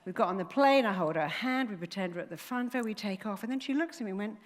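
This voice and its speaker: A woman's voice: mid-range voice, fast talker, hardly any pauses. Woman speaker in a reverberant hall. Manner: animated storyteller, emphatic, acts out dialogue. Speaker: therapist and speaker. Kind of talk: motivational stage talk.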